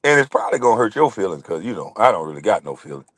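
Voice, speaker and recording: A man's voice: fairly low pitch, sing-song, very fast, fairly bright tone, dry recording. A middle-aged man hosting his own channel, ranting to camera in a confrontational, constantly swearing monologue. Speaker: channel host.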